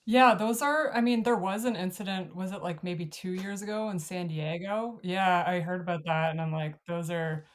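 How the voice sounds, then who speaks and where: A woman from Canada hosting a podcast interview, chatty and quick with asides. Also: on the low side. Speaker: podcast host. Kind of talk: casual interview.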